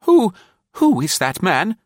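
A flustered, indignant old lady, her cries jumping high and shrill, as a male narrator puts her on. She gasps out short protests in a storybook reading. The voice is close and dry. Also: wildly swooping pitch, takes it slowly, dry recording, full character voice. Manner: gasping, shrill outbursts.

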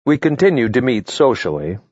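A man narrating his memoir in a measured, matter-of-fact way, reading from a script. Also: mid-range voice, very animated, darkish tone, dry recording, dull audio. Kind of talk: first-person memoir narration, read from a script.

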